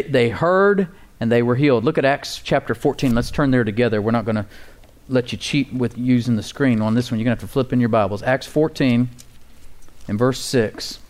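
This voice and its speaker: A male pastor with a medium-pitched, darkish voice preaches in church to a responding congregation. His sermon is emphatic and casual, with key words repeated, amens requested, and plenty of fillers and folksy asides.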